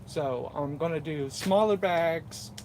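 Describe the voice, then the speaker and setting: A man who grows mushrooms chats casually on a live stream from his indoor workspace, reading out viewer comments and poking fun at himself while he works, breathless. His slightly high, darkish voice takes things slowly. The audio has a little hiss or hum from a nearby camera, and he moves in and out of frame.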